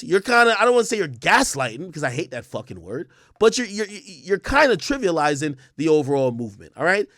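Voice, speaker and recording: A man's voice: mid-range voice, a bit bright, no echo, clean studio sound. A man giving casual livestream commentary, emphatic and profane, often repeating words and restarting sentences. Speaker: streamer and commentator.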